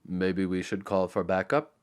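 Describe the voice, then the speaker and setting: A man voicing a simple, deep-voiced burglar sidekick with a German accent, in an audiobook. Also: a little slow. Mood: hesitant. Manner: hesitant, hopeful.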